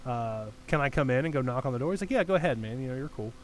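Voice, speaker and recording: A young man spins a rambling, profane story for his podcast co-hosts, and his voice sits at an ordinary middle pitch. A faint hiss of background noise runs under the recording. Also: lively intonation, very fast, poor audio. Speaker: podcast co-host. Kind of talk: casual storytelling chat.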